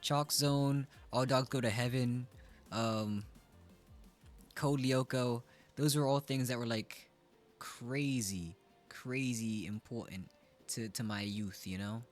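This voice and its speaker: Guy in his 20s just chatting on stream, goofy jokey vibe, music low in the back. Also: fairly even intonation, slow. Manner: playful, joking, self-mocking. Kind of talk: casual chat.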